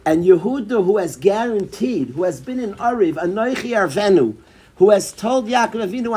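A man teaching a Torah class, mixing Hebrew phrases into his English and swinging between soft and loud as he tells the story. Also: sits high, lively intonation, normal speed, breathy edge.

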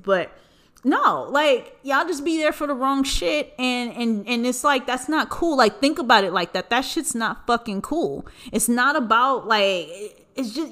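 A woman with a somewhat high-pitched voice holds forth on her own podcast in a loose, casual rant. She swears freely and leaps sharply up in pitch when something bothers her. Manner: animated, profane, swings in pitch for emphasis. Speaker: podcast host.

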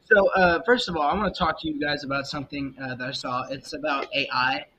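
Faint jazz runs under a muffled lo-fi mic with a slight rumble as a young man hosts his own casual podcast. His delivery is brisk and sharp with fairly even intonation, and he rambles and opines freely, often using fillers and starting over.

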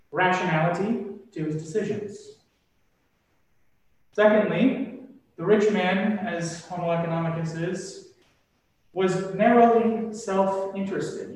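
A man preaching a sermon in a slow, deliberate, emphatic way. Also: sits high, a little mellow. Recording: echoey room from far off.

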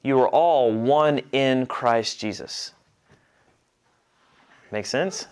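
A man's voice: mid-range voice, extremely slow, darkish tone, clean tone. A man teaching a church class, talking conversationally, restarting phrases and checking that the group follows.

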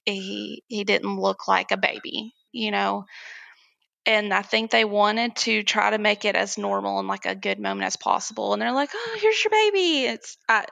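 Gravelly, bright-voiced young woman storyteller. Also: mid-range voice, moderate pace, dry recording. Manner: animated, laughs often while telling, acts out quoted voices. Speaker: guest. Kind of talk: candid personal storytelling.

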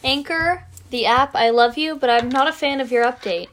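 A woman's voice: sits high, normal speed, fairly bright tone, a little hiss or hum. Chatty young woman podcast co-host. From Canada. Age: young adult. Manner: chatty, laughs often, self-mocking. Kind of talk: casual chat.

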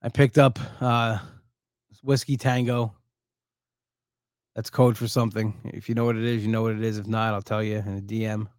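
A man's voice: fairly low pitch, flat delivery, normal speed, pauses often, clear, resonant tone, dry recording, studio quality. A worn-out man hosting a casual solo podcast, telling a rambling story with restarts and perking up when he quotes people. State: exhausted, low on energy. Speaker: podcast host.

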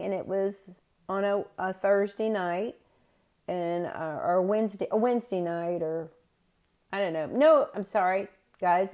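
A woman's voice: medium pitch, warm tone. A middle-aged woman telling a personal story in a chatty podcast style, correcting herself as she goes. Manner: conversational, with self-corrections. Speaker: podcast host.

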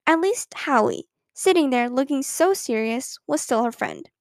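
A woman reads a children's storybook aloud with an expressive, lively delivery. Her voice is high and the sound is close and dry, with no room around it. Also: moderate pace, dry recording. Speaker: narrator.

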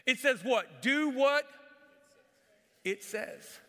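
A man with a high, bright voice delivers an animated sermon, driving home his points by repeating them. He is recorded live in a church, with a long reverb trailing behind his words. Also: very slow. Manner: animated preaching, repeats key phrases for emphasis. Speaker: pastor. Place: church sanctuary.

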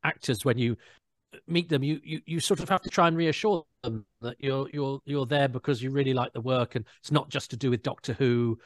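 Male guest, chatty storyteller, mid pitch, dry close sound. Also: a little fast, dry recording. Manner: anecdotal, imitates people in quotes. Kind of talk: casual chat.

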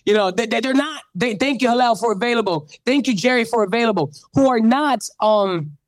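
A man's voice: very high-pitched, expressive, a little fast, no room sound. Fervent man testifying with a preacherly lilt. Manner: preacherly, building to fervent rising calls. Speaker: radio show host. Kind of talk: animated testimony in an interview.

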